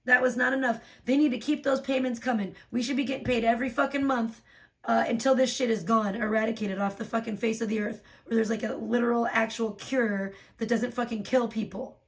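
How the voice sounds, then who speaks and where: A woman's voice: fairly even intonation, a little fast. Profane, ranting woman livestreamer. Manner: profane, ranting, swings from low tired talk to loud outbursts. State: recovering from a sore throat. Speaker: livestream host. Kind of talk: casual livestream chat reading donations.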